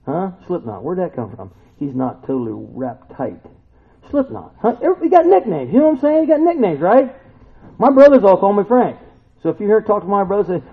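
A man preaching a casual sermon in a conversational, animated way, acting out the voices of the people he quotes. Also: a little high, gravelly, slightly rough. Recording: tinny lo-fi phone-like recording.

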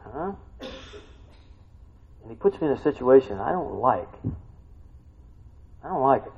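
A middle-aged male pastor preaching a sermon, tired, animated, swinging from quiet talk to shouting. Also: medium pitch, measured pace, creaky, slightly rough. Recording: dull lo-fi recording.

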